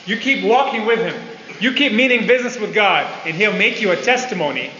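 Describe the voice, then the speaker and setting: Bright high-voiced preacher in a hall. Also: male voice, expressive, fairly quick. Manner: emphatic, repeats key phrases, asks the audience "Amen?". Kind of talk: sermon. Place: large hall with an audience. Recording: roomy hall, dull lo-fi, faint hiss.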